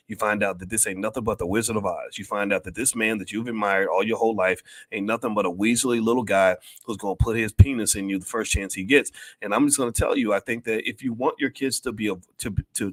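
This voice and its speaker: An older man with a low-pitched voice delivers preachy livestream commentary, repeating his points for emphasis. The sound is dry and close, with no room around it. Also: dry recording. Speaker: commentator and finance educator.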